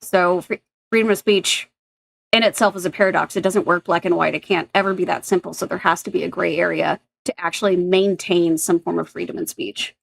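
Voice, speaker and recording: A woman's voice: on the low side, fairly even intonation, fairly quick, gravelly, no room sound. Woman streamer reacting to clips, swears a lot, blunt and rambly. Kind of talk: casual reaction commentary.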